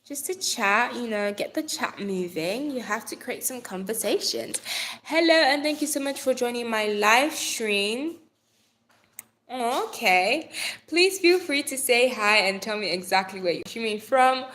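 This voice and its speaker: A woman's voice: on the high side, lively intonation, measured pace, a bit bright. Bubbly young woman chatting on a phone livestream. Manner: bubbly, playful, swears casually, calls viewers darling. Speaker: live stream host. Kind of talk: chatty live stream talk to viewers. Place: Nigeria.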